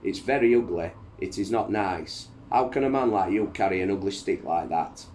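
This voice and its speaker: A jovial male emperor teasing his doctor, as a man reading a history book puts him on. The deep voice lifts a touch for the mocking lines. A faint hiss sits under the home reading. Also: normal speed, a little mellow, lightly acted.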